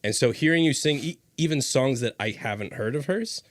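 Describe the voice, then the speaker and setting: A man's voice: mid-range voice, lively intonation, brisk, no room sound, clean studio sound. A man from Canada hosting a podcast, chatting loosely and enthusiastically, full of likes and yeahs. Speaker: podcast host. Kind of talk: casual podcast conversation.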